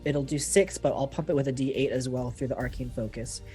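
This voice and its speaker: A man's voice: medium pitch, fairly even intonation, a little fast, warm tone, soft background music. A man playing a tabletop game, easygoing as he describes spells and adds up damage aloud. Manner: easygoing, talks through dice math aloud. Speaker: player.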